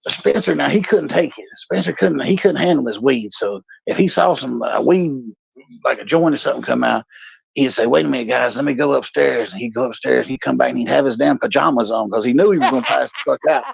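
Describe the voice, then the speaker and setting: A gravelly, husky man in his forties tells a raunchy story with lots of swearing. He co-hosts a casual talk show, and the sound is dry and dull. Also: a little fast, dry recording. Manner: profane, animated storyteller, puts on high voices for quoted people. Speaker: podcast co-host.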